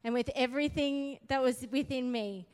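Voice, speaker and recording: A woman preaching a sermon and telling her testimony, speaking quietly and subdued through the story, then rising to forceful exhortation. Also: high-pitched, normal speed, in a large hall.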